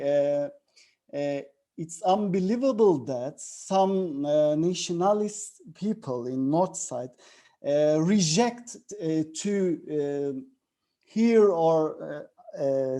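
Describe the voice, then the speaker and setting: Slow, halting man on a panel. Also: high-pitched, mellow. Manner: halting, many filler sounds. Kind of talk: panel discussion.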